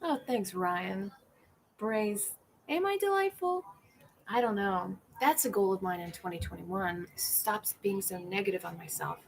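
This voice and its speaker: A middle-aged comedian hosts a livestream in a medium-pitched, steady voice at normal speed, with a creaky, breathy edge. She rambles casually, reading viewer comments aloud, putting herself down, and acting out the people she quotes.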